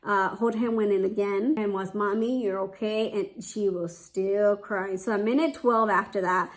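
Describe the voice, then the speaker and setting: A woman's voice: mid-range voice, steady tone, a little slow. A young woman, a mother, chatting casually to camera, with a lot of "like" and restarts. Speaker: vlogger, mother.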